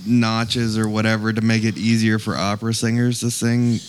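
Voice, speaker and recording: A man's voice: lowish voice, completely flat delivery, normal speed, smooth. A man co-hosting a casual chat, hesitant and full of "like", adding dry asides. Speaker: podcast co-host.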